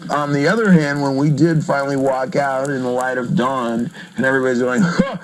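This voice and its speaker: A man's voice: mid-range voice, fairly quick, low-quality recording. A man in a casual interview, telling stories with jokes and frequent laughter, from a vintage interview record. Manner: joking, animated storyteller who laughs often. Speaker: rock singer being interviewed.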